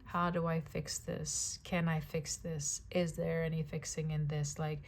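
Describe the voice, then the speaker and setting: A woman's voice: low-pitched, flat delivery, measured pace, a little hiss or hum. A woman giving a casual tarot reading. She talks in a chatty way, repeats phrases, and keeps checking in with "right?" and "okay?". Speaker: tarot reader.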